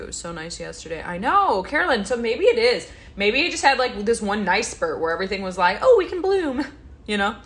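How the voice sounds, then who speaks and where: Her voice is medium in pitch, creaky and fairly bright, with slight background noise behind it. Stuffy and yawning, this woman hosts a livestream, rambling chattily as she reads out viewer comments and replies to them.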